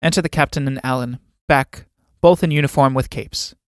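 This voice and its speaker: A man narrating the stage directions of a full-length play in a plain, even delivery. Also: medium pitch, moderate pace, no echo, studio quality.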